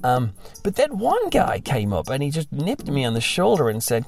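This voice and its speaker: Young male pastor, casual self-deprecating talk, gravelly, lively pitch, faint music under. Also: moderate pace. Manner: animated, self-deprecating, mimics voices.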